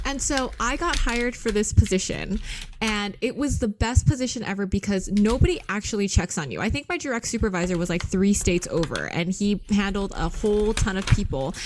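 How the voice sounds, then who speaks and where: A woman's voice: medium pitch, moderate pace, noisy background. A woman in her thirties, co-hosting a podcast, telling a story in casual chat with lots of laughter and swearing. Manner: animated, profane, laughing storyteller. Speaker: podcast co-host.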